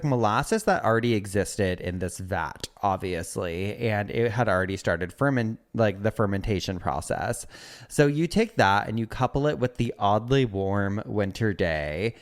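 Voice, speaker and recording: Campy, lower-pitched man telling a story. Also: normal speed. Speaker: podcast co-host. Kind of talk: casual chat.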